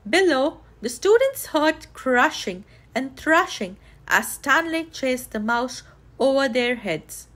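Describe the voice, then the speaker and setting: Woman, storybook reader, high and bright, unhurried, very expressive. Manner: lively, voices characters' lines with raised excitement. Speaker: children's book reader. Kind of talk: read-aloud storytelling.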